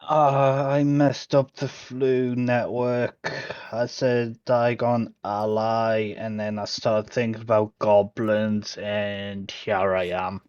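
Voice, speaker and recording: A man's voice: fairly low pitch, fairly even intonation, takes it slowly, hardly any pauses, a little mellow, clean tone, dry recording. A man playing a character in a tabletop game, speaking sheepishly and hesitantly. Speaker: player. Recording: dull, dry lo-fi mic.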